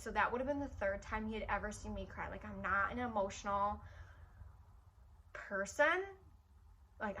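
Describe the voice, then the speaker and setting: A woman's voice: on the high side, bright, forceful tone. A young woman from Michigan telling a personal story in a casual, chatty way, full of "like" fillers. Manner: chatty, frequent "like" fillers, emotional retelling. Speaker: vlogger.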